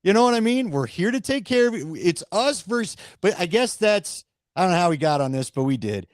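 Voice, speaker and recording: A man hosting a casual sports talk show, speaking quickly and conversationally and poking fun at himself. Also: high voice, very animated, no room sound. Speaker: host.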